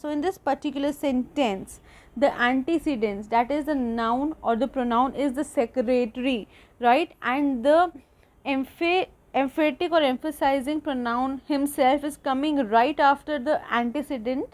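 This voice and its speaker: A woman's voice: high voice, normal speed. A woman with an Indian English accent, hosting a grammar video lecture for students and explaining step by step, repeating her example sentences. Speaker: teacher, channel host.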